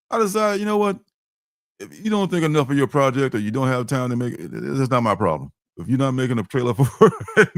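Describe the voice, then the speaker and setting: A man's voice: medium pitch, dry recording, studio quality. A man hosting a comic book livestream, chatting casually, joking and rambling with frequent chuckles. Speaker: livestream host.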